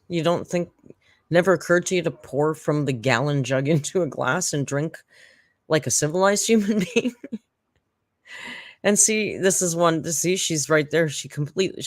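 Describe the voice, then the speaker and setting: A live-stream reaction host talks to chat in a chatty, sarcastic way, mid-pitched and recorded dry with no room sound. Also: lively intonation, normal speed, no room sound.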